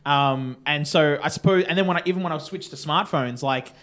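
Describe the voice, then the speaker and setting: A man's voice: a little high, a little fast, a bit bright. A man, a podcast co-host telling rambling stories in casual chat and swearing freely. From Australia.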